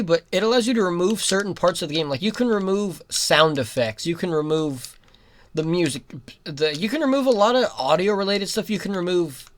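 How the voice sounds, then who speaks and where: A young adult giving rambling let's-play commentary, breaking into giggles and sudden loud outbursts at the game. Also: mid-range voice, slight background noise. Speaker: gaming commentator.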